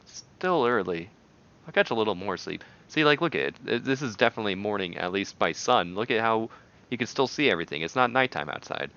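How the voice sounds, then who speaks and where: Animated, bright-voiced man gaming. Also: fairly low pitch, brisk, muffled recording. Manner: joking, rambling, animated. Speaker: let's play host. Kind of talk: casual gameplay commentary.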